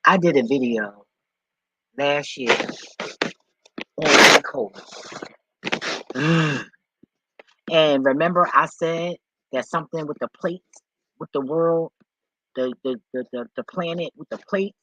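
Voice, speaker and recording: A man talking off the cuff in a vlog, rambling and excitable, swearing often as he reads and reacts. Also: fairly high pitch, slow pace, long pauses, low-quality recording. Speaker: vlogger.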